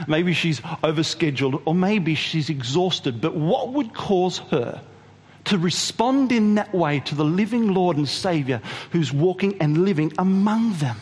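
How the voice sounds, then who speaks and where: A man preaching a sermon, retelling a story in an animated way and asking the audience questions. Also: on the high side, in a large hall. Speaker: pastor.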